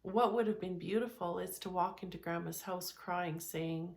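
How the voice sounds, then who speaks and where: A woman's voice: fairly low pitch, moderate pace, darkish tone. A woman giving a candid, conversational self-help talk, speaking frankly and often restarting or repeating words.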